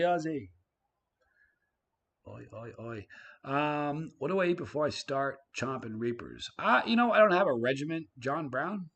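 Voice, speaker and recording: Male live-stream host, mid-pitched, chatty, reads comments aloud. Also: slightly rough. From Canada. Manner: chatty, reads viewer comments aloud, swings loud and quiet. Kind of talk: casual live stream chat.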